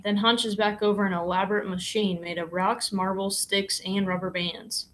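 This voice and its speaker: A woman reading a children's novel aloud in a steady, plain storybook manner, with only light changes for the characters. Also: medium pitch, normal speed, few pauses, slight background noise, poor audio. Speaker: reader.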